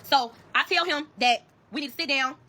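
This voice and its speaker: A woman's voice: high-pitched, moderate pace, pushed and bright. A woman telling her own story on a phone livestream, profane and emphatic, constantly calling out to her viewers. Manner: profane, emphatic, keeps addressing viewers as y'all. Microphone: phone camera on a livestream.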